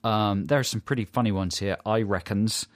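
A man's voice: fairly low pitch, normal speed, dry recording, studio quality. A man co-hosting a radio show, teasing in casual banter. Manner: wry, teasing. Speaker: radio host. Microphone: studio mic.

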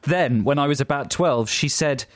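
A man's voice: mid-range voice, moderate pace, no echo, clean studio sound. A man co-hosting a casual chat show, reading listener emails with giggly, playful banter. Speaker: podcast co-host.

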